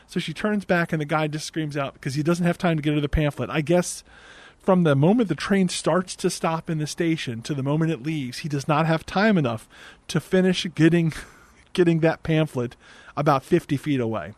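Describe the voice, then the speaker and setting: A young man recapping a movie in a sarcastic, exasperated comedic rant into a desk microphone on a boom arm, swearing now and then. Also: moderate pace, no echo. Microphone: desk mic on a boom arm.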